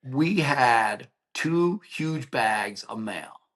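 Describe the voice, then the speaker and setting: A middle-aged man speaks extremely slowly in a mid-range voice, recounting an emotional personal story as a podcast guest. He tells it with energy, playing out quoted lines and filling gaps with "like" and "right?".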